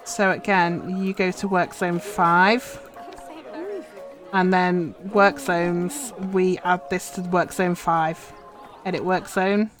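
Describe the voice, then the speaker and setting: A woman's voice: on the low side, little pitch movement, slow pace, faint music behind. A woman casually commenting on her live game stream, muttering instructions to herself as she plays. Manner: chatty, muttering instructions to herself while playing.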